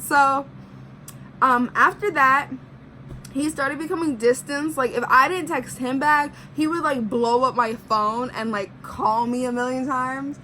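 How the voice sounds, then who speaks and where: A young woman with a slightly high, bright, forceful voice chats casually as she tells a personal story. She fills her sentences with "like" and slips into the voices of the people in it. A faint hum of room noise sits underneath. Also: unhurried, rough recording. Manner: chatty, heavy use of "like", acts out quotes. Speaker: vlogger.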